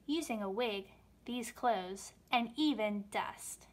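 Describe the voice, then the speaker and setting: A woman reading a rhyming children's book aloud, with expressive storytelling delivery. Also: a little high, slow.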